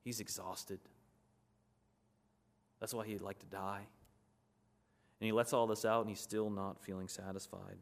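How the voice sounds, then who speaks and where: Male preacher, low-pitched, earnest conversational sermon delivery. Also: little pitch movement, unhurried, vocal fry, long pauses.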